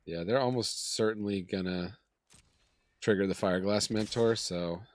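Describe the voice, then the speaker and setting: Hoarse man with a cold doing game commentary. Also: lowish voice, fairly even intonation, normal speed, no room sound. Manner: chatty, thinks aloud, self-deprecating laughs. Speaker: gaming channel host. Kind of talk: casual gameplay commentary.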